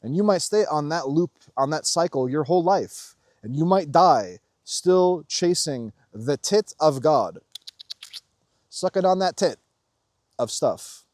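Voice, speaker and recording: A man's voice: a little high, lively intonation, takes it slowly, darkish tone, no room sound, studio quality. A man giving a blunt, profane spiritual talk to his viewers, jumping into mocking voices when he mimics others. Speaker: spiritual vlogger. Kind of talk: unscripted spiritual monologue.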